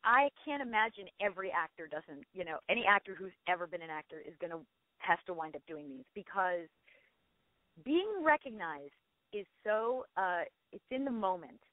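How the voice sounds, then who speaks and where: A woman's voice: on the low side, lively intonation, no room sound. A middle-aged actress chatting effusively as an interview guest, often restarting her sentences. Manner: effusive, chatty, quick self-corrections. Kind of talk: casual interview chat. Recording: dry tinny phone line.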